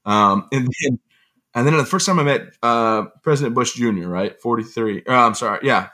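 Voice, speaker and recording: Bright-voiced man telling stories. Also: mid-range voice, normal speed. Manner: lively, self-mocking, often laughing and acting out quotes. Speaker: guest, motivational speaker. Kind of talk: casual anecdotal storytelling.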